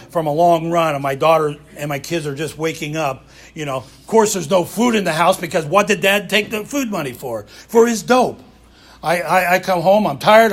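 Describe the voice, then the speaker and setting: A man's voice: a little high, fairly bright tone. Blunt man telling his recovery story. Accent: Southern US. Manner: raw, blunt, swears freely. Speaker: recovery speaker. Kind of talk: personal recovery talk.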